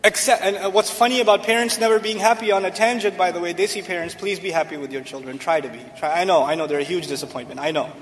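A man's voice: sits high, fast, few pauses, big-room sound, a little hiss or hum. A man giving a humorous Islamic lecture from a stage to a live audience, asking rhetorical questions and joking. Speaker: Islamic speaker. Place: large hall, on stage.

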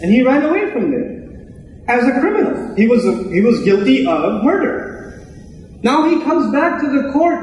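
A man's voice: very high voice, expressive, moderate pace, darkish tone. A man preaching a sermon in a conversational way, asking rhetorical questions. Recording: echoey room, mic at a distance.

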